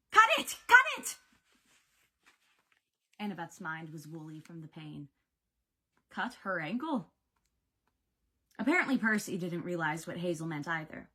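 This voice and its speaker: A woman's voice: fairly low pitch, a bit bright, breathy edge. A woman reading a novel aloud with dramatic, varied pacing. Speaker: audiobook reader. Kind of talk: expressive book narration.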